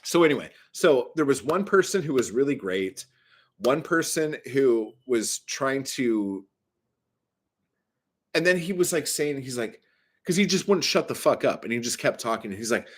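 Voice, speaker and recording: A man's voice: mid-range voice, lively intonation, normal speed. A man vlogging a casual ranting monologue, profane and exasperated, telling his story with animation.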